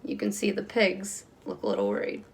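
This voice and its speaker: A kindergarten teacher reading a picture book aloud, with expressive storytime delivery and voices for the characters. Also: female voice, mid-range voice, a little fast, creaky, a little hiss or hum.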